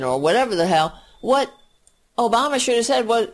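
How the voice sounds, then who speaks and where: A woman's voice: on the high side, big pitch swings, normal speed. A woman giving an exasperated, profane political rant, mocking the people she talks about.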